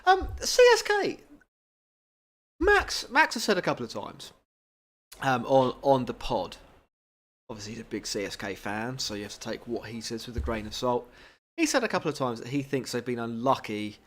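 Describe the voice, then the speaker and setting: A man's voice: mid-range voice, sing-song, normal speed, a bit bright. A man co-hosting a podcast in casual chat, talking freely, poking fun at himself and steering the talk with questions. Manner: chatty, self-deprecating, leads the conversation with questions. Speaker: podcast co-host.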